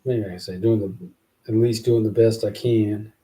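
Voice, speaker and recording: A man hosting a show, thinking aloud in a halting, musing way as he works out verses, repeating phrases to himself. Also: fairly even intonation, mellow. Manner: slow, low-key, self-questioning. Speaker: podcast host writing rhymes. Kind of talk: casual thinking aloud while writing verses.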